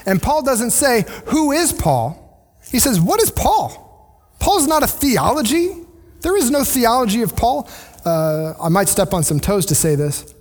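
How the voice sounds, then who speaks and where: A man's voice: very high voice, animated, moderate pace. A male pastor preaching a conversational sermon in a church, often restarting his sentences and acting out quoted voices. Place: church sanctuary.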